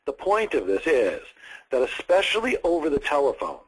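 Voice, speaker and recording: A man's voice: a little high, huge pitch swings, normal speed, breathy edge, poor audio. A man leading a sales training session, talking enthusiastically with lots of rise and fall in his voice. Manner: enthusiastic, varied inflection; conversational, with frequent restarts. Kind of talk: training seminar lecture.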